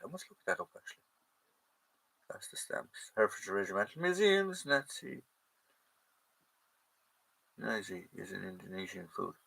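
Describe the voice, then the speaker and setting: A lowish, gravelly Irish man hosts a relaxed live Q&A, with a bright, forward edge to his tone. He picks up viewer comments one by one and answers them off the cuff, often stopping to correct himself mid-sentence. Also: normal speed, pauses often, low-quality recording. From Ireland. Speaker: host of a live chat stream. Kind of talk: casual livestream Q&A.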